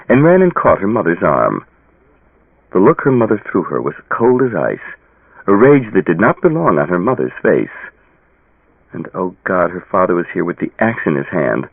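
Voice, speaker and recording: A male audiobook narrator reading with dramatic expression, his pitch swinging widely around a lowish center. His voice is husky and dry, and the sound is thin and tinny like a phone line. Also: sing-song, moderate pace, no room sound. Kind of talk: scripted narration.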